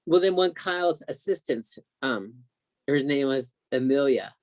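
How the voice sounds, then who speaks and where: A man telling an excited, emotional story as a guest on a video call, acting out what others said. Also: medium pitch, a little slow, dry recording. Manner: excited, emotional storyteller who acts out quotes.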